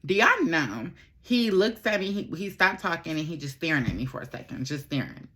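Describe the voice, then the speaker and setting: A young woman speaking, telling her followers a story in a casual, candid chat. She swears freely, repeats herself for effect, and talks in a slightly low register. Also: sing-song, a little fast, bright, forceful tone. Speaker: vlogger. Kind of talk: casual storytime while doing makeup.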